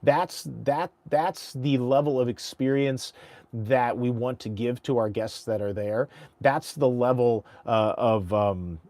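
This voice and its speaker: Energetic male auctioneer teaching his chant. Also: mid-range voice, no room sound. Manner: breaks into rapid rhythmic auction chant and tongue twisters; energetic, conversational, frequent restarts. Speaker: auctioneer and instructor. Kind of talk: casual teaching with chant demos.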